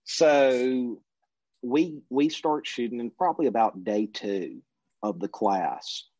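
A man telling a long casual story as an interview guest, in a relaxed anecdotal way, briefly mimicking the people he quotes. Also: mid-range voice, slow pace, dry recording. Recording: dull lo-fi recording.

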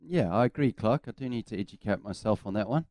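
A man's voice: fairly low pitch, expressive, fast, a little mellow, no echo. Easygoing male co-host, dry studio. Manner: easygoing, laughs along. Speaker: radio co-host. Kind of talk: casual studio banter. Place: radio studio.

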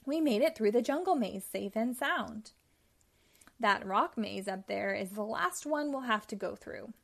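A woman reading a children's book aloud, voicing a cheerful male Pac-Man in a raised, excited storybook voice. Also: fairly high pitch, unhurried, creaky, exaggerated voice.

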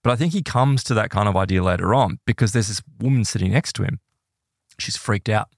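A man hosting a podcast, retelling a story in a casual, animated way, full of "like" and "right?". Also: lowish voice, fairly quick, gravelly, no echo, studio quality. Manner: animated, filler-heavy retelling with many "like"s and "right?"s.

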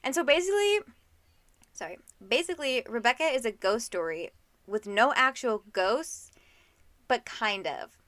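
A young woman co-hosting a casual book podcast, chatty and quick to laugh, filling her talk with "like.". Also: a little high, animated, fairly bright tone, no room sound. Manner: chatty, laughs often, lots of "like". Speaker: podcast co-host.

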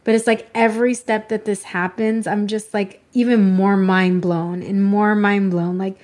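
A woman's voice: mid-range voice, flat delivery, unhurried, a little mellow. A woman hosting a podcast, talking in a casual, effusive way. She gushes and gets emotional as she chats with her guest. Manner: gushing, emotional, exclamatory. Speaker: podcast host. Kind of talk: casual interview chat.

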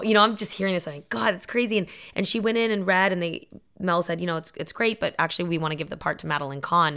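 A woman's voice: low-pitched, a bit bright. Chatty woman podcast co-host. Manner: chatty, laughing, retelling stories with quoted voices. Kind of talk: casual chat.

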